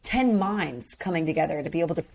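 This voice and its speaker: A woman's voice: low-pitched, fast, vocal fry. A woman co-hosting a podcast, chatting casually and emphatically, acting out what others said. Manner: animated, emphatic, acts out quotes. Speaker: podcast co-host. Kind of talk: casual chat recapping a reality show.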